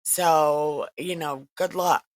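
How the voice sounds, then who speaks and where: A woman's voice: low voice, steady tone, takes it slowly, no echo. A woman host retelling Bible stories in a casual, profane, wisecracking way, recorded in a makeshift home setup. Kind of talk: casual irreverent storytelling.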